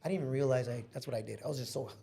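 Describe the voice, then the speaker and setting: A man telling a personal story as a podcast guest, in an excitable, casual way full of slang. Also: medium pitch, very fast, vocal fry.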